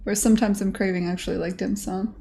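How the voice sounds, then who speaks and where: A woman's voice: mid-range voice, steady tone, quick pace, gravelly, dark tone, slight background noise. A woman streamer chatting casually, rambling along with lots of "like" and restarts. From United States. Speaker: game dev streamer. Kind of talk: casual chat.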